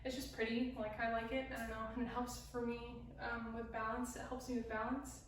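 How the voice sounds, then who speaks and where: A woman's voice: fairly high pitch, little pitch movement, brisk, slight background noise. Young woman teaching dance in an echoey room. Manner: talks while demonstrating moves, counting and singing lyric snippets. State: out of breath. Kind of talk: casual dance tutorial instruction. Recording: very echoey room, speaker far from mic.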